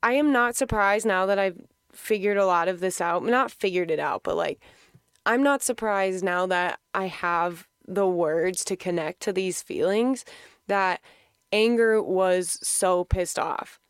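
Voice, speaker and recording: A woman's voice: medium pitch, measured pace, clean tone, no echo, clean studio sound. A woman talking candidly about her emotions in a casual personal monologue, laughing often and filling with "like".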